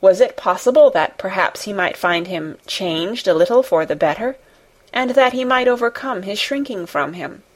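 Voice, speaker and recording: A woman reading a classic novel aloud as an audiobook, in a measured, gently expressive narration. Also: mid-range voice. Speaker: audiobook reader. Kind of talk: scripted narration.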